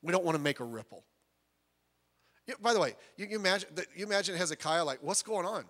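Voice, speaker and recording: A man preaching a sermon, animated and storytelling, acting out the voices of the people he quotes. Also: high voice, quick pace. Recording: long hall reverb.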